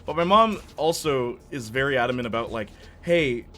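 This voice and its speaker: A man's voice: medium pitch, animated, normal speed, a bit bright. A young Canadian man streaming a game, chatting casually with viewers, rambling with fillers and laughing often. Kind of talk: casual chat while playing a game.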